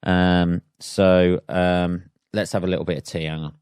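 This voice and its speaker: A man's voice: low-pitched, level tone, unhurried, darkish tone, smooth, no echo, studio quality. Sweary man ranting on a podcast. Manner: sweary, rambling, self-amused. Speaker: podcast host and stand-up comedian. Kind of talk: casual solo podcast rant.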